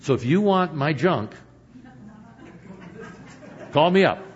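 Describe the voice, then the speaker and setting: An older man preaching a sermon as pastor, moving between emphatic points and hushed, quiet stretches. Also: fairly high pitch, animated, slow, highs cut off.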